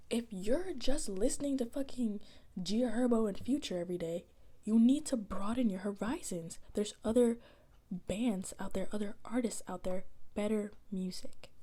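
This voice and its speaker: A young woman, chatting casually in soft-spoken ASMR style, slipping into whispers as she rambles in slang. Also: medium pitch. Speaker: ASMR creator.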